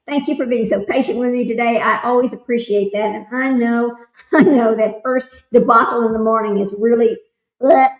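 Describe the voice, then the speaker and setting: A woman's voice: a little high, fairly even intonation, a little fast. Chatty woman streaming from an echoey room. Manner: reads aloud, then chats loosely with viewers. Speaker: livestream host. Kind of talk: casual livestream commentary.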